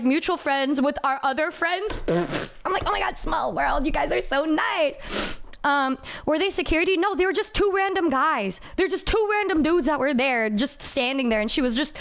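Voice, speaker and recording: A young woman streamer casually telling a story, animated and swearing a lot, acting out what people said. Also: high-pitched. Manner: animated, heavy swearing, quotes people in raised voice.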